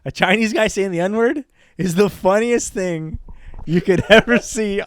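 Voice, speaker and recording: A young man co-hosting a casual comedy podcast, telling stories in an animated way and laughing often as he acts out movie lines. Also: high-pitched, measured pace. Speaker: podcast co-host.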